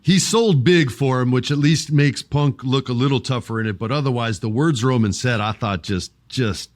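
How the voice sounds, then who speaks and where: A man's voice: mid-range voice, moderate pace, dry recording, studio quality. A man hosting a podcast, chatting casually about wrestling, acting out wrestlers' lines and swearing freely. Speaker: podcast host.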